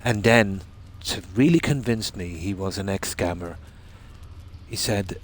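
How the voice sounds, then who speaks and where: A man's voice: deep voice, moderate pace. A man streaming a game, chatting casually and telling long rambling stories. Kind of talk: casual chat while gaming.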